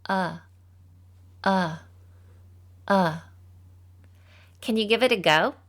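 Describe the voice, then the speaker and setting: A young woman voicing a cheerful, folksy teacher character, leading a scripted phonics lesson for children slowly and patiently. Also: medium pitch, animated, a bit bright. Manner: slow, patient, encouraging.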